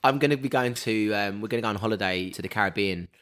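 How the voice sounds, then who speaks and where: A man chatting casually as a guest, telling stories in an animated way and laughing often. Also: fairly low pitch, fast. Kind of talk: casual chat.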